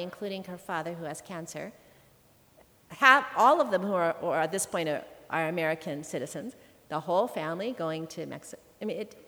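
A woman preaching a sermon, telling a story earnestly and slowing down to stress key words. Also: lowish voice, a bit bright, big-room sound.

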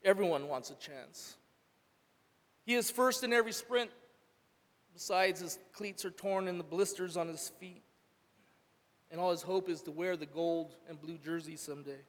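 Earnest male church speaker, slightly high voice, long reverb of a hall. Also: unhurried, long pauses. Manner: earnest, swells loud then drops soft. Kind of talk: emotional sermon testimony.

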